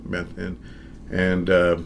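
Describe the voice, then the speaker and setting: An older man with a Southern accent, a magician talking in a casual interview, relaxed and chuckling often. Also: sits low, slow pace, creaky, slight background noise. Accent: Southern American. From American South.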